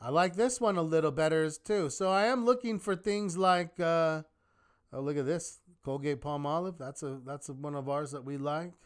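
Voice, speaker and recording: A man teaching a live online trading class in a lively manner, often asking rhetorical questions. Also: fairly high pitch, normal speed, clean tone. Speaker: trading instructor.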